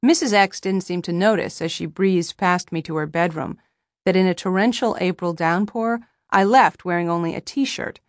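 A young woman narrating a first-person audiobook with a wry, even storytelling manner, close to the mic. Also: on the low side, normal speed, dry recording.

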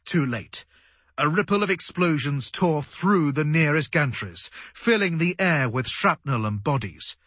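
A man narrating an audiobook in a dramatic, animated storytelling manner. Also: a little high, unhurried, dry recording. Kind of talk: scripted narration.

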